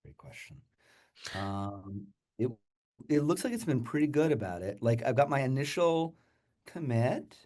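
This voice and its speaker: A man's voice: mid-range voice, big pitch swings, a little slow, darkish tone. A man casually explaining a coding assistant demo in a friendly, explanatory way. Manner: friendly, explanatory, laughs easily. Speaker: developer co-hosting a coding demo. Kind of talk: casual tech demo chat.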